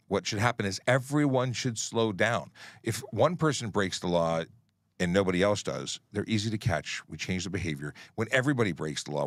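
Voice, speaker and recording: A man's voice: low-pitched, no room sound, clean studio sound. A middle-aged man, a traffic police officer hosting a livestream Q&A, speaking firmly and plainly as he explains traffic rules. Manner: firm, plain-spoken, explains rules while scrolling comments. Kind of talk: livestream Q&A chat.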